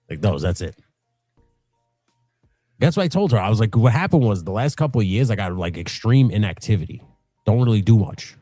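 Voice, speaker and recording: A middle-aged man with a low voice that swings up and down a lot, chatting casually and cursing as he rambles through stories. He laughs often. Dry room, faint music underneath. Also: big pitch swings, a little slow, pauses often, dark tone, no echo. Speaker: co-host of live customizing stream. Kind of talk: casual chat with profanity and storytelling. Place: home workshop.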